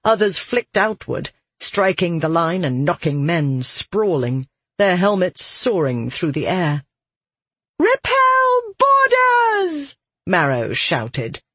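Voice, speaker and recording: An audiobook narrator reading a fantasy adventure in a measured, expressive storytelling manner, recorded close on a dry studio mic. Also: medium pitch, breathy edge, no room sound.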